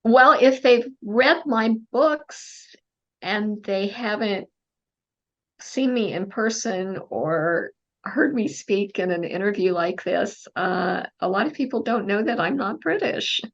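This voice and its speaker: A woman with a Texan accent, a mystery novelist answering interview questions in a thoughtful, casual way with many pauses and fillers. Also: mid-range voice, expressive, fairly bright tone, highs cut off. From Texas, USA.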